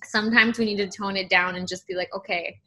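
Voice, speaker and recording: A young woman co-hosting a casual podcast, swearing freely and telling animated stories, slipping into Indonesian now and then. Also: mid-range voice, fast. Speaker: podcast co-host. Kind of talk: casual chat.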